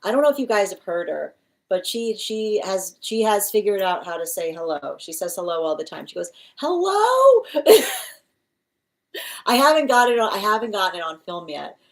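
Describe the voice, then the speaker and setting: A woman giving live-streamed tarot readings, chatty and quick to laugh, cooing at her cat between readings at home. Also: medium pitch, animated. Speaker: tarot reader.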